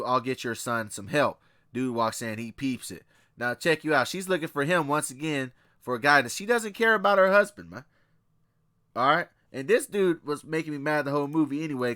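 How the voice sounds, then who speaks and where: Guy doing a blunt movie breakdown w scripture, sharp forceful voice, dry sound. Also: medium pitch, no room sound. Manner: blunt, profane, opinionated. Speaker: movie reviewer. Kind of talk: casual commentary with scripture reading.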